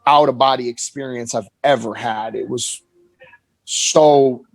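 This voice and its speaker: This interview guest, a man in his forties, recounts a candid personal story with earnest hesitation, repeatedly restarting his sentences. He has a medium pitch and fairly even intonation, and the recording is dry with poor audio.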